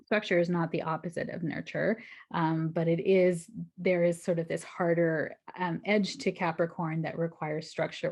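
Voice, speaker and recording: Woman chatting thru her astrology forecast, lowish voice, reassuring, laughs a lot. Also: creaky, a little mellow. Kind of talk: casual weekly astrology forecast.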